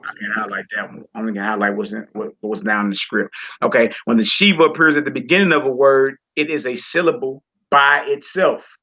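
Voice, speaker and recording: A man teaching a Hebrew reading class in a relaxed, informal way, talking to students while he works the screen. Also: mid-range voice, a little fast. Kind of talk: casual online class lesson. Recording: lo-fi recording.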